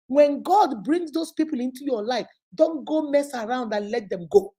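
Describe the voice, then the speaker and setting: Preachy Nigerian woman, mellow voice. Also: high voice, moderate pace, few pauses, breathy edge, rough recording. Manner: animated and preachy, acting out quoted people. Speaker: vlogger giving life advice. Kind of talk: motivational talk to camera.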